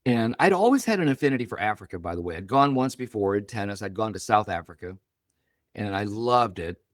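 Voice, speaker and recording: Brisk and fairly low-pitched, the voice belongs to a man in his seventies being interviewed as a guest. He spins lively stories and acts out the dialogue he quotes, captured in studio quality with no echo.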